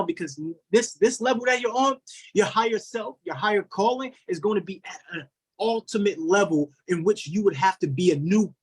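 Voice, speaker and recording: High husky-voiced man giving a pep talk. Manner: preachy, repetitive, rallying the group. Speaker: motivational coach and call host. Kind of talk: motivational pep talk on a group video call. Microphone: video call.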